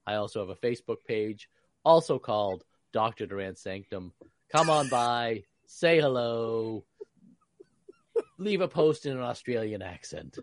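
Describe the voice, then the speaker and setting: A man co-hosting a podcast, talking in an animated way with many restarts. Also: mid-range voice, measured pace, no room sound. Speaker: podcast co-host. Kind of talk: casual chat.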